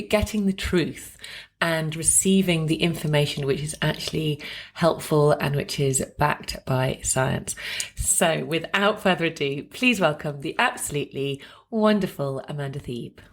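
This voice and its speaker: Effusive woman podcast host, lowish voice. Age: middle-aged. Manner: warm, effusive and gushing about her guest. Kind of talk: podcast interview.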